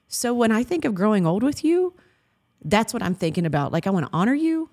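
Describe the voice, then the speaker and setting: A woman's voice: mid-range voice, very animated, a little fast, darkish tone. A woman in her thirties co-hosting a Christian marriage talk, speaking earnestly and affectionately and quoting scripture. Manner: earnest and affectionate, laughs often, quotes scripture. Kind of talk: heartfelt faith-based chat.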